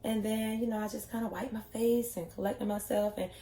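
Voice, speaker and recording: A woman's voice: medium pitch, steady tone, a little fast, warm tone. A woman chatting candidly in a casual vlog about her yoga training, with lots of "you know" fillers. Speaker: vlogger, yoga instructor trainee. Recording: echoey room.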